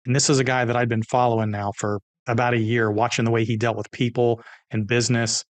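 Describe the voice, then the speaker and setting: A middle-aged man, a guest on an interview podcast, telling stories in an energetic, animated way and acting out the dialogue. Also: mid-range voice, fast talker, no room sound. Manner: energetic, animated storyteller who acts out dialogue. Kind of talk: interview storytelling.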